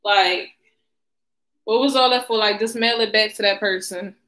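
Chatty woman, bright voice. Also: mid-range voice, normal speed, poor audio. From Baltimore. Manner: chatty, addresses viewers in slang. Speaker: livestream host. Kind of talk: casual live-stream chat.

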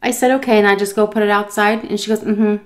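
A woman casually telling a story while eating, animated and swearing freely. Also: mid-range voice, fast. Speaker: vlogger.

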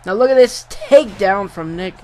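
A young man giving casual play-by-play commentary over a wrestling video game, getting excited and swearing at big moves. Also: sits high, moderate pace, slight background noise. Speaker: gameplay commentator.

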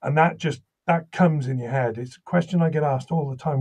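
A man from Wales with a slight Welsh accent, a voice actor and audiobook narrator telling animated stories in an interview, often restarting his sentences. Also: fairly high pitch, fairly quick, slightly rough. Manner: animated anecdotal storytelling, many restarts. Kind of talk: interview conversation.

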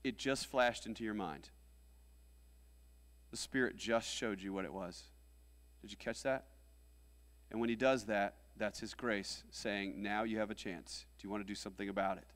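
A pastor preaching a sermon, swinging between loud rallying calls and quieter, hushed asides. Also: male voice, lowish voice, steady tone, normal speed, pauses often. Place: church sanctuary. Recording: long hall reverb.

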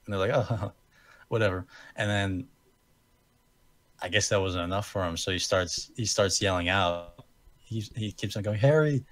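A young American man co-hosting a podcast tells a story in casual chat, rambling, correcting himself and laughing at his own expense. His voice is low with a fairly bright tone, and there's no room sound.

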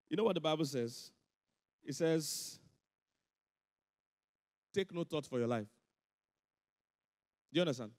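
A man preaching a sermon as pastor, animated and emphatic, repeating his points and laughing between them. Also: medium pitch. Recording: church hall reverb.

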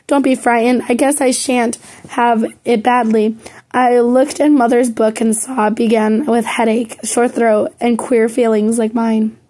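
Woman, audiobook reader, mellow voice, fairly high, reading a classic novel, small slips. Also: flat delivery, unhurried. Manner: plain reading with some slips and self-corrections.

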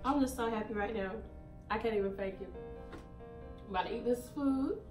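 A young woman with a hoarse, deep morning voice, chatting casually to her viewers in a vlog, recorded on a handheld phone. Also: a little fast, over music. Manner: chatty, laughing often, addresses viewers as y'all. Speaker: vlogger.

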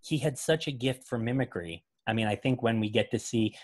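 A man's voice: mid-range voice, a little fast. A man hosting a casual commentary on old magic footage, chatty and jokey, rambling through his points. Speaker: host.

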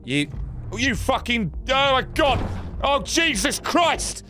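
A man giving profane, excitable let's play commentary, often yelling at the game. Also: very high voice, slow, soft background music. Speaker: gaming channel host.

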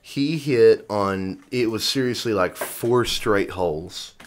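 A man with a fairly low voice tells a long, rambling story in a relaxed podcast chat. He keeps slipping into quick voices for the people in it. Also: slight background noise. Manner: rambling storyteller, acts out quotes. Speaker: podcast co-host. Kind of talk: casual chat.

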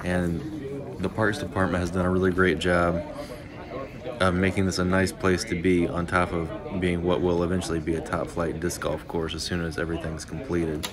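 Low steady-voiced guy, easygoing vlog host talking outside at a park. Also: moderate pace, a crowd in the background. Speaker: disc golf video host. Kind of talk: casual vlog narration. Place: outdoors at a park.

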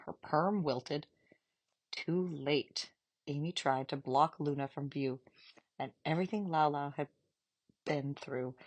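Low-voiced woman reading a story. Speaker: audiobook reader. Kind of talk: storybook narration.

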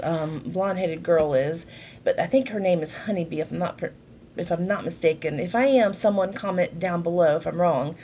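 A woman's voice: lowish voice, a little mellow, a little hiss or hum. A woman, chatting casually and rambling with asides while she does her makeup for a vlog. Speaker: vlogger. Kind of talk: casual sit-down chat while doing makeup.

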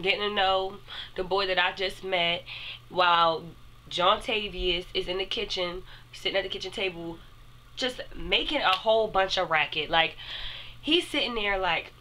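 A woman's voice: lowish voice, pushed and bright, slight background noise, rough recording. A young woman telling a casual storytime to her viewers in a chatty way, speaking straight to them.

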